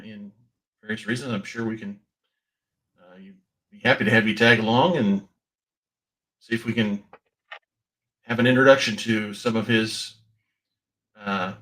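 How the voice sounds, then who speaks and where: A man takes part in a tabletop game, his voice bright and forward. He talks hesitantly and stops to ask questions. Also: medium pitch, steady tone, moderate pace, long pauses, rough recording. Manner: hesitant, uses fillers. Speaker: player.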